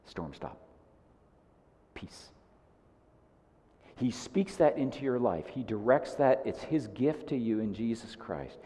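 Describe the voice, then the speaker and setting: A male pastor preaching a sermon in an earnest, repetitive way, often dropping soft on key lines. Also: mid-range voice, animated, moderate pace, hardly any pauses, long reverb tail.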